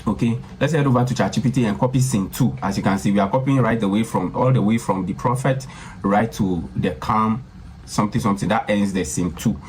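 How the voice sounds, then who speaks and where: A man hosting a software tutorial, talking casually and repetitively and often calling viewers guys. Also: lowish voice, fairly quick, a little hiss or hum. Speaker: tutorial host. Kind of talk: screen-recorded software tutorial.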